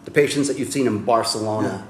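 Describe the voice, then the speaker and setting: Relaxed male podcast host. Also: on the low side, fast talker. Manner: laughs easily, asks long listing questions. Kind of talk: casual interview. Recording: roomy with faint ambient noise.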